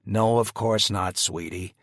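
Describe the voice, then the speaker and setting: A man's voice: fairly low pitch, fairly even intonation, takes it slowly, fairly bright tone, no room sound, clean studio sound. A man voicing a protective middle-aged father who gives clipped, commanding orders. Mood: gruff.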